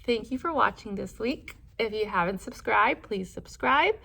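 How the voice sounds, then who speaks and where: Young adult woman, first grade teacher, casual vlog chat, mid pitch with a gravelly fry. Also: animated, normal speed, bright, forceful tone. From Southern California. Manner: chatty, rambling, lists plans. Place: classroom.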